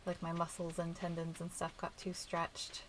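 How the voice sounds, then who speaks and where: A woman with a nasal, stuffed-up voice, chatting softly and rambling as she hosts a relaxed game playthrough. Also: on the low side, normal speed, a little hiss or hum, poor audio. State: stuffy nose. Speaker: let's play host. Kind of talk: relaxed gameplay commentary.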